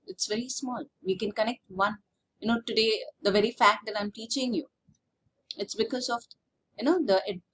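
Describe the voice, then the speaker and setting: A woman's voice: on the high side, fairly bright tone, a little hiss or hum. A woman, a teacher who reads a text aloud and then explains it in plain words with many fillers. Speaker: English teacher. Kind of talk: online class lesson, reading aloud and explaining.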